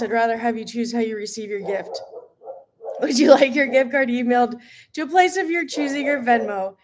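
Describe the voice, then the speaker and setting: A woman's voice: fairly high pitch, brisk, noisy background. A woman fitness coach chatting live with her viewers, bubbly and giggly, gushing often. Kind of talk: live stream chat with viewers.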